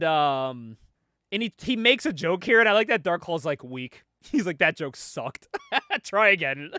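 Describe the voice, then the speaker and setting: Animated high-voiced man recapping comics. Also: no echo, clean studio sound. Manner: animated, laughs often, acts out quoted lines. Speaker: podcast co-host. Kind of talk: casual comic book recap.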